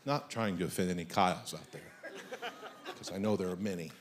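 A man preaching a sermon as pastor, emphatic and comic, breaking into shouted lines. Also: sits low, a little fast, pauses often.

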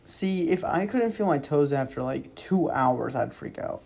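Low, mellow-voiced woman in casual chat. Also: lively intonation, unhurried, creaky.

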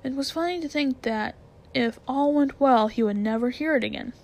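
A woman reading a children's storybook aloud, calm, steady and soft-spoken. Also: high voice, moderate pace. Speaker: reader. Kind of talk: storybook narration read aloud.

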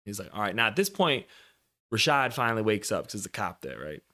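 A man's voice: fairly low pitch, very animated, fast, bright, forceful tone. A man in his twenties telling a story in a casual chat, swearing freely and acting out the people in it.

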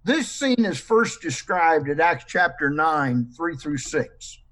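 A man's voice: fairly high pitch, sing-song, slow, a bit bright. A man moderating a Bible study panel discussion, posing numbered questions and stressing words as he quotes.

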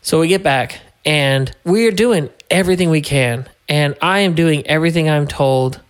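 A man's voice: fairly high pitch, moderate pace, clear, resonant tone. A man, a podcast guest, telling his story in casual conversation, laughing often and putting on voices for other people.

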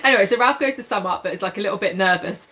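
A woman's voice: medium pitch, very fast, sharp tone. A woman hosting a podcast, retelling a novel in casual chat, laughing and swearing as she goes. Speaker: podcast host.

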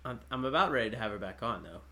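A man's voice: medium pitch, expressive, pushed and bright. A man co-hosting a podcast, talking in a jokey, teasing way. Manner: jokey, teasing, quick to laugh. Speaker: podcast co-host. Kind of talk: casual podcast chat.

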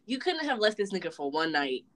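A woman's voice: medium pitch, big pitch swings, a little fast, fairly bright tone. A young woman co-hosting a casual podcast chat, telling stories about her friends bluntly and with lots of swearing, and acting out what they say. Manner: blunt, profane storytelling; acts out friends' lines in quotes. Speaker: podcast co-host.

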